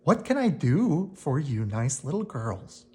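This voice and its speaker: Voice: mid-range voice, very animated, a little slow, warm tone. A storyteller voicing a nervous grown man in a children's storybook, fumbling and hesitant. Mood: flustered. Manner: hesitant, flustered.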